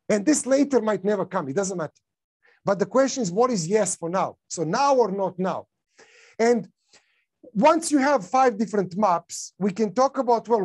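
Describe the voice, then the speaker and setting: A man with a non-native English accent gives a casual conference talk, his high-pitched voice a little mellow. He uses lots of fillers and often restarts his sentences.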